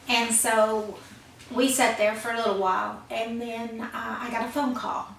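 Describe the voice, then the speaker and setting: A woman's voice: a little high, steady tone, moderate pace, a bit bright. An older woman telling her personal life story in a plain-spoken, heartfelt way. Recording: echoey room, voice from far off, faint noise.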